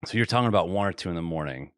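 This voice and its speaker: Racing and animated, a deep-voiced man with a clean tone hosts a podcast from a clean, echo-free studio. His casual storytelling is packed with laughing anecdotes, and quoted asides come out in a whisper.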